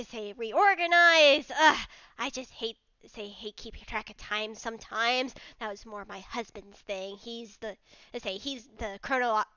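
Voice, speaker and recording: A woman voicing an excitable, dog-like woman professor who gushes, repeats herself and keeps saying "I say". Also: fairly high pitch, smooth, dry recording, muffled recording. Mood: chatty. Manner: gushing, repeats herself, tic of 'I say'.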